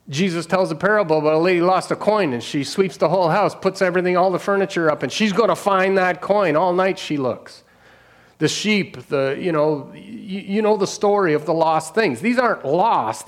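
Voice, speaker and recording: Middle-aged guy, pastor sharing his story, slightly higher voice, chuckles a lot and trails off mid-thought. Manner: earnest storytelling, laughs often, trails off and restarts. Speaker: pastor and street outreach worker. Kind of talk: personal testimony.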